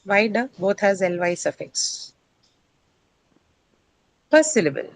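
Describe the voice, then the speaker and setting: A woman's voice: medium pitch, sing-song, slow, vocal fry, no room sound, poor audio. A middle-aged woman teacher lecturing a class, explaining step by step and quizzing her students as she goes.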